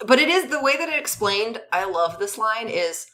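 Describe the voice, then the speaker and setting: A woman's voice: on the high side, big pitch swings, normal speed, bright, forceful tone. A woman co-hosting a podcast, chatting with sarcastic jokes. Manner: sarcastic, jokey. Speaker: podcast co-host. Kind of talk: casual chat.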